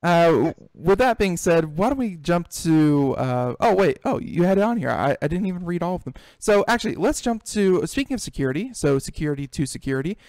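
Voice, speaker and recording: Lively talkative male tech show host. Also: on the high side, no echo. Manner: animated, quick restarts and repeated words. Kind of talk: casual tech talk chat.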